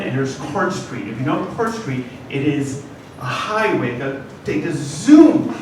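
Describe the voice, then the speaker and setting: A middle-aged man spins a personal comic story for a live class audience, his voice pitched high and leaping all over as he wanders into self-deprecating asides. He is caught from a distance in a very echoey room with noticeable background noise. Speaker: comedian. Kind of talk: stand-up storytelling monologue. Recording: roomy, distant mic, noisy ambience.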